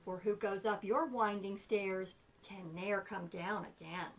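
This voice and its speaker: A woman's voice: medium pitch, fairly even intonation, unhurried, voice pushed down, lightly acted, rough recording. A woman voicing a small, wary fly from a poem, refusing firmly with a protesting manner. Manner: firm, protesting.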